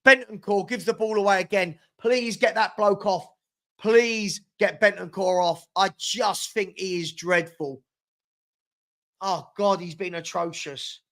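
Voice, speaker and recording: A man's voice: high voice, a little slow, fairly bright tone. Exasperated man hosting a watchalong. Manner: exasperated, groaning at the team, chatting to viewers. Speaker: watchalong host. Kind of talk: live football watchalong commentary.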